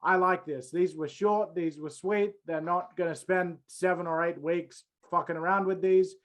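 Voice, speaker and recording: A man co-hosting a podcast, recapping and grading segments in a measured, upbeat way. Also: sits high, steady tone. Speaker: podcast co-host. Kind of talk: casual wrestling review chat.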